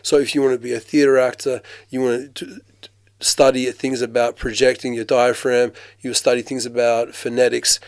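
A man who grew up in Australia, a working actor, telling his story in a casual interview with lively mimicry and frequent restarts. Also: mid-range voice, normal speed, dry recording. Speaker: actor, guest.

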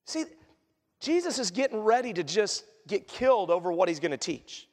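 A man preaching a sermon as pastor, animated and acting out quoted voices as he teaches. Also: high voice, moderate pace. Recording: echoey hall reverb.

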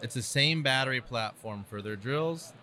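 A man's voice: mid-range voice, normal speed, pushed and bright. A man, a tree-care pro, chatting bluntly and animatedly about gear on a podcast. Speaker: arborist guest. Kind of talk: casual podcast chat.

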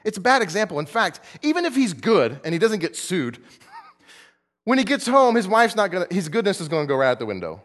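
A man's voice: fairly high pitch, big pitch swings, fairly quick, a bit bright, in a large hall. A male pastor preaching a sermon in a conversational style, with asides, laughs and repetitions.

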